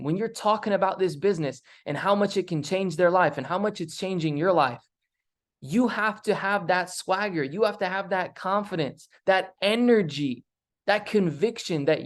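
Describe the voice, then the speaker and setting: A young man giving an energetic, emphatic motivational talk as a mentor, often repeating himself and acting out quoted voices. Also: on the high side. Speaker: mentor speaker.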